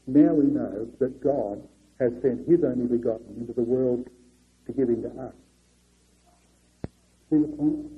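A man preaching a sermon earnestly, swinging between raised and hushed delivery. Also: mid-range voice, breathy edge. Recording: muffled lo-fi recording.

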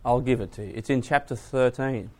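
A man preaching to a class, asking the audience questions and moving between hushed asides and loud emphasis. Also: medium pitch, a little fast. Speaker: preacher teaching a Bible class. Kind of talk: sermon.

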